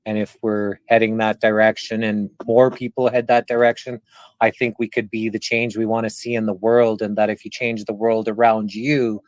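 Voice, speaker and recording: A man's voice: fairly low pitch, level tone, moderate pace, no echo. A man from Canada hosting a casual interview, asking rambling, reflective questions. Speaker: interviewer, channel host.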